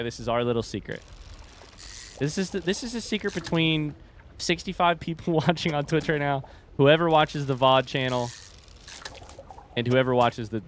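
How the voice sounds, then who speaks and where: A man's voice: mid-range voice, a bit bright. Male streamer, casual rambling chat over gameplay, faint background noise. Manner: rambling, chatty, addresses chat directly. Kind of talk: casual livestream chat while gaming.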